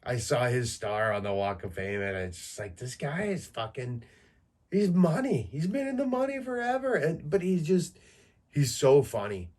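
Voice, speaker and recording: A man's voice: mid-range voice, very animated, normal speed, a little mellow. Crude rambling man in his thirties. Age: 30s. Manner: crude, rambling, jokey with frequent fillers. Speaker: podcast host. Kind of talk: solo casual monologue.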